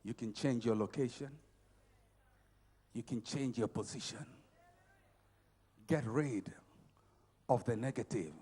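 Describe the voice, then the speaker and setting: A middle-aged man preaching a motivational sermon at a conference. He is emphatic and repetitive, swinging between shouts and quiet passages. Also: mid-range voice, slow pace, pauses often, husky.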